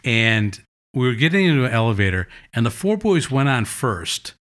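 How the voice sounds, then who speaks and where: Bright-voiced man telling funny stories. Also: mid-range voice, moderate pace. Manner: animated anecdotes, acting out quotes. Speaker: guest. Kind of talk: casual storytelling.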